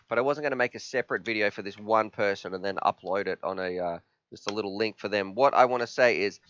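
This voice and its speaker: A man's voice: on the low side, fast, a bit bright. Chatty Australian man hosting a live stream. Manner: chatty, reads viewer comments, laughs easily. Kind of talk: casual live stream chat. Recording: dry, slightly dull lo-fi sound.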